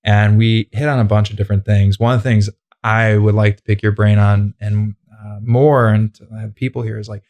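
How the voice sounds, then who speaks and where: A man's voice: on the low side, level tone, normal speed, darkish tone. A man hosting a casual interview podcast, talking in a loose, rambling way with many fillers. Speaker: podcast host.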